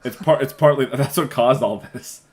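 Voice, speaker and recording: A man's voice: mid-range voice, moderate pace, crowd noise. A man with a congested, stuffy-nosed voice, rambling through a casual podcast chat with lots of fillers. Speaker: podcast co-host.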